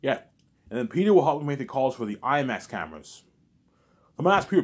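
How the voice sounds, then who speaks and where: A man's voice: mid-range voice, big pitch swings, quick pace, long pauses, husky. A man talking in a rambling, repetitive monologue, often restarting and adding "you know what I'm saying". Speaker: vlogger.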